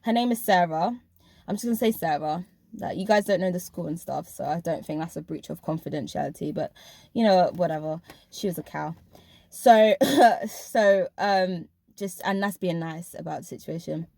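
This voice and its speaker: Speaking straight to her audience, a woman shares a personal story about a school job in a casual vlog. Her voice is on the low side and a little mellow, with vocal fry, delivered emphatically at a moderate pace. There is no echo.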